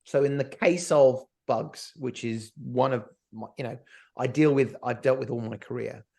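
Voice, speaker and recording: A man's voice: mid-range voice, moderate pace, vocal fry. A middle-aged man co-hosting a business podcast, talking animatedly and acting out quoted voices in a casual discussion. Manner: animated, acts out quotes of others. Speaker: podcast co-host.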